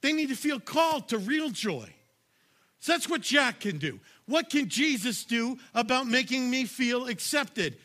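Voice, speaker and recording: A male pastor with a high, bright, ringing voice delivering a sermon. He talks conversationally and directly to the congregation. He hammers home his points with bursts of raised volume. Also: very animated, a little slow. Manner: emphatic, punchy, shouts key lines; conversational, addresses audience directly.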